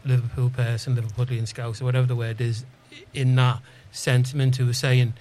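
A man's voice: mid-range voice, little pitch movement, brisk, mellow, slight background noise. A man co-hosting a community radio show in casual chat, laughing often and pushing back in debate. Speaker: radio co-host. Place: radio studio.

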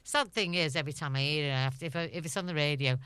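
A woman's voice: sits low, racing, a bit bright, smooth, dry recording. A middle-aged woman with a Liverpool accent, a guest in an interview, telling chatty anecdotes and laughing often. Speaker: actress guest. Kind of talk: casual interview chat.

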